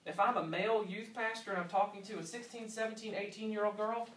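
A man in his thirties, a youth pastor giving an earnest teaching talk to youth workers, swinging from quiet stretches to loud emphasis. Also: sits high, steady tone, fast, hardly any pauses. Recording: roomy sound from a distant mic with faint ambience.

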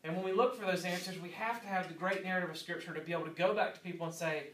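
A man's voice: sits high, fairly even intonation, rapid-fire, few pauses, fairly bright tone, far from the mic, a little hiss or hum. A man in his thirties, a pastor delivering an earnest sermon and repeating key lines for emphasis. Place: church sanctuary. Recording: echoey church room, voice from off-mic.

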